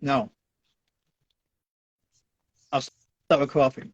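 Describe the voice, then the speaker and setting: Husky man lecturing with "right?". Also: mid-range voice, fairly even intonation, drawn-out words, no room sound, dull audio. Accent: New York. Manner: lecturing, repeats "right?" to check in. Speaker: nutritionist and fitness coach, guest. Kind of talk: explaining in a podcast Q&A.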